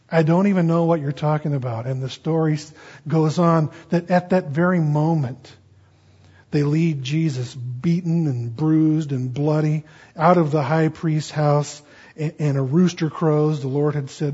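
A husky, slightly high-voiced man preaching a sermon in an earnest, storytelling way, drawing out key phrases. The recording is dull and lo-fi. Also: a little mellow. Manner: earnest, storytelling, slows for emphasis. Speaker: pastor.

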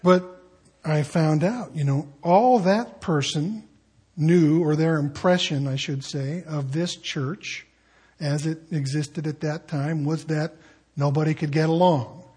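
A man's voice: a little high, unhurried, husky. A middle-aged man preaching a sermon as pastor, telling stories in a conversational way and acting out other people's lines. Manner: conversational storytelling, animated quoting of others. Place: church sanctuary.

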